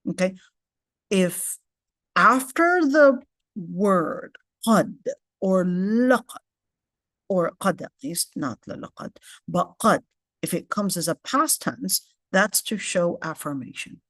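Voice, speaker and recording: A woman's voice: lowish voice, lively intonation, slow, fairly bright tone, no echo, studio quality. A woman teaching a casual lecture in English with Arabic terms mixed in, explaining step by step and often checking in with "okay?". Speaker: Quran tafseer teacher.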